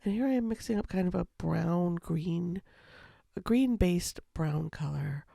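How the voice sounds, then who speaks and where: A woman with a slightly scratchy voice, speaking low and softly over a watercolor tutorial, rambling with lots of ums. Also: unhurried, vocal fry, dry recording, clean studio sound. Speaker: watercolor painting instructor. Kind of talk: casual voice-over for a painting tutorial. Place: home, with a baby asleep in another room.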